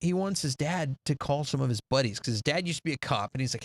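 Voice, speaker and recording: A man with a slightly high voice talks a bit fast, with few pauses, while co-hosting a casual podcast. He recaps a movie in an animated way, performing the characters' lines in various voices.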